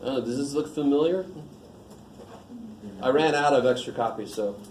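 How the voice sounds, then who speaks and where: A man's voice: mid-range voice, normal speed, a little mellow, a little hiss or hum. A man teaching a math class in a casual lecture, joking and quizzing the students. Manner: joking, informal, asks the class questions. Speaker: math instructor. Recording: echoey classroom, faint ambience.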